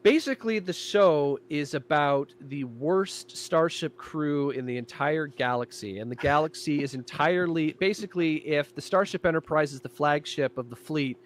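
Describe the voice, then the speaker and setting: A man in casual podcast chat, describing his own show in an animated way. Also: fairly high pitch, moderate pace, few pauses. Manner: animated, jumping into character voices.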